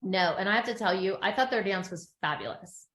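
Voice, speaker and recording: A woman's voice: medium pitch, a little fast. A middle-aged woman co-hosting a podcast, chatting casually as she recaps a TV episode and acts out what people said. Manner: chatty storyteller, acts out quotes with animated voices. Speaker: podcast co-host. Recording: echoey room.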